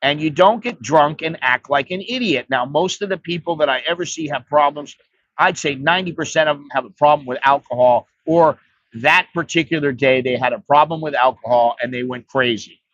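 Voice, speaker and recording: A man's voice: fairly high pitch, brisk, a bit bright, no echo, highs cut off. An American man giving blunt, profane, rambling advice on a casual livestream. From United States. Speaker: vlogger.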